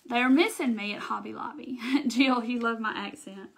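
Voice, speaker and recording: A woman's voice: on the high side, moderate pace, vocal fry, a bit bright. A middle-aged woman with a thick Southern accent, chatting casually on a craft livestream and answering viewers' comments as she works. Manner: chatty, reads out and thanks viewers' comments while working. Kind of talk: casual live crafting chat.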